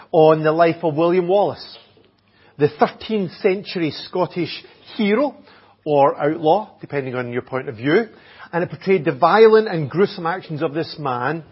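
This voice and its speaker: Pastor, conversational sermon delivery; husky, a little high; dull church recording. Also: male voice. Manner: conversational preaching, with "eh" fillers and Bible reading. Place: church hall.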